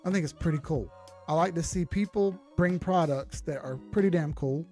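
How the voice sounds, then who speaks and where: A man's voice: on the high side, moderate pace, a little mellow, faint music behind. A man hosting a live stream, talking bluntly and lecturing his viewers in a casual rant. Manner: blunt, lecturing, acts out quoted people. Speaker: livestream host talking investing. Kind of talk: casual ranting monologue.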